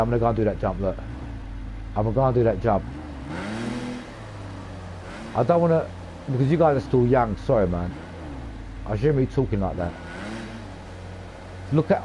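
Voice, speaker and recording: A man in his forties talking casually over a racing game. He drifts into blunt, profane rants and hammers his points home by repeating them. His voice sits at an ordinary middle pitch. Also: noisy background. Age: 40s. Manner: swears a lot, rants emphatically with repeated phrases. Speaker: gaming channel host. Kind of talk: casual rambling commentary over gameplay.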